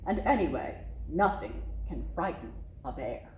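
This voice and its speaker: A woman's voice: low-pitched, lively intonation, unhurried, a little hiss or hum, pitched below the performer's own voice. A woman voicing a big, confident father bear who reassures his cub in a bluff way, recorded in an echoey room.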